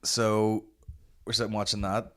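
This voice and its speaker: A Northern Irish man hosting a comedy podcast, telling stories in a sweary, animated way. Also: on the low side, measured pace. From Northern Ireland. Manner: sweary, animated storytelling with put-on voices. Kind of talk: casual chat.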